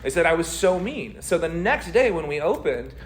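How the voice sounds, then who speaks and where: A man, a community theater actor, chatting as an interview guest in an energetic, rambling way full of fillers and tangents. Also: fairly high pitch, normal speed, slight background noise. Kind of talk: casual interview chat.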